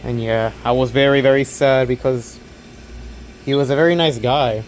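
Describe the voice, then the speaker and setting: Young guy rambling on about his night shift at the store, mid pitch voice, faint ac hum in the back. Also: steady tone, normal speed. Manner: rambling, repeats himself, earnest. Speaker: overnight convenience store clerk. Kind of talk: casual talking vlog.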